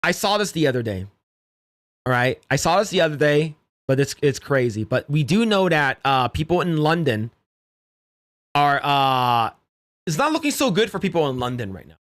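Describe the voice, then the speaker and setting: A man hosts a podcast livestream, offering casual, blunt commentary that rambles and gets punctuated by laughter at his own jokes. His voice is a little high, sing-song, and fairly bright, at a normal pace, in a dry recording.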